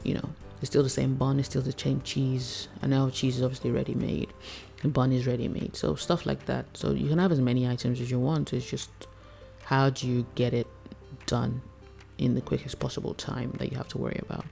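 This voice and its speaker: A woman's voice: rumbling low, little pitch movement, brisk, creaky, dark tone, faint music behind. A woman chef coaching food business owners in a chatty, casual way, laughing often and acting out her customers. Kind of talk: casual teaching talk.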